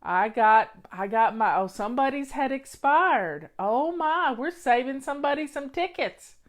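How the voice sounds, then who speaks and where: A woman with a high voice, lively intonation and a measured pace hosts a home-organizing live stream. She has a Southern accent, hails from the Southern United States, and offers folksy, motherly advice in casual talk.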